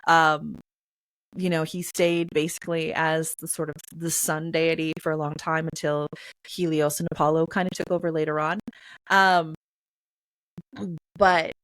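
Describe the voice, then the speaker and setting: A woman's voice: fairly low pitch, a bit bright, dry recording. A woman answering interview questions about reading poetry aloud, chatty, with lots of fillers and playful sung sounds. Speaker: guest, poetry reader.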